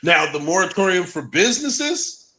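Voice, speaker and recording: A man's voice: high-pitched, very animated, normal speed, bright, forceful tone. A man hosting a casual live stream, talking to viewers and repeating his main points for emphasis.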